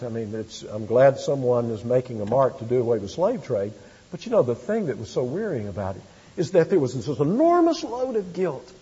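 A man preaching a sermon as pastor, with animated emphasis and quick asides. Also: medium pitch, slightly rough. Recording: dull, lo-fi sound with long hall reverb.

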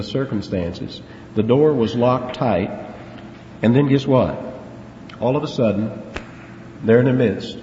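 A preacher with a mid-range, darkish voice teaches a Bible passage in an expository sermon, earnest and emphatic, leaning on key words and posing rhetorical questions. The recording comes from an echoey hall and sounds dull and lo-fi, with a faint hiss.

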